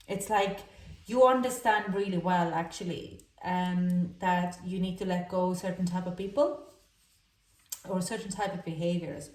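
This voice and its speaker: Halting, emotional woman reading tarot, echoey room. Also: fairly low pitch, steady tone, darkish tone, distant mic. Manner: halting, emotional, many fillers and restarts. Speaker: tarot reader. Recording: echoey room, voice a little off-mic.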